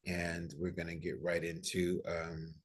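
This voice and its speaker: A man with a very low, deep voice speaks as a spiritual teacher over a video call. His tone is husky, and he leads prayers and breathing exercises with calm, unhurried, gently instructive delivery.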